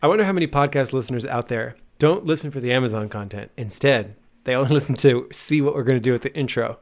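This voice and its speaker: An energetic, jokey man co-hosting a podcast in casual chat. His voice sits in an ordinary middle register, and he keeps the talk lively and upbeat. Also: medium pitch, fast talker. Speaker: podcast co-host.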